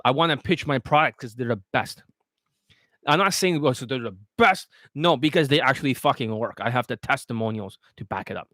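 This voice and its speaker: A man talking as a dating coach in a casual livestream, blunt, boastful and full of swearing as he pitches his products. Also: fairly quick, fairly bright tone, no echo, studio quality.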